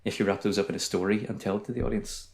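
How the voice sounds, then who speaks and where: This is a Northern Irish man speaking as a podcast guest, his voice low-set and calm. He talks quickly but smoothly, with a soothing, even manner. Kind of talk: casual chat.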